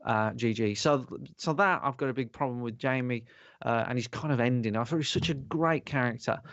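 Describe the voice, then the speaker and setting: A man, hosting a podcast in casual chat, animated, sweary and rambling. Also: medium pitch, a little fast, no room sound. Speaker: podcast host. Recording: dull lo-fi sound.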